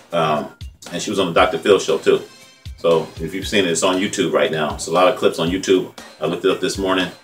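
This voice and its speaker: A man's voice: sits low, a bit bright. A man in his fifties from California, an independent journalist hosting his own vlog, talking in a rambling, heartfelt, conversational way with frequent "man" asides. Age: 50s. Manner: conversational, repetitive, heartfelt, says "man" often. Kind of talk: casual rambling commentary. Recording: distant mic with faint music behind.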